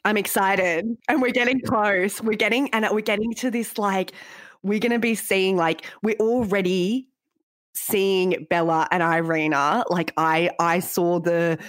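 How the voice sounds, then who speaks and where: Her voice mid-range and steady, a woman co-hosting a TV recap podcast talks at an unhurried pace. She's chatty and bubbly, rambling along with plenty of "like"s in casual conversation. It's a dry, studio-quality recording.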